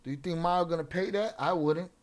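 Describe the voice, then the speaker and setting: A man's voice: fairly high pitch, fast. Profane man ranting on a livestream. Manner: profane, confrontational, talking back to chat; mixes in Spanish slang. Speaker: livestream host. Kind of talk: casual livestream rant.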